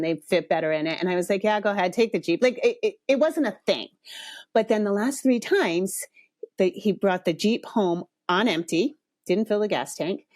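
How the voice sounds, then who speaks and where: A woman's voice: medium pitch, darkish tone, dry recording, studio quality. Frank, blunt woman podcast host. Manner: frank and blunt, swears, builds up to exasperation. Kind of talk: casual storytelling monologue.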